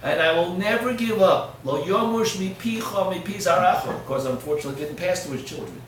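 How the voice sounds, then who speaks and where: A man gives a rabbi's sermon, telling a story and dropping to hushed asides before rising to loud, emphatic peaks. His voice sits a little high. He is heard from a distance in a strongly echoing hall with a faint hiss. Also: fairly quick. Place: lecture hall. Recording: echoey hall, from far off.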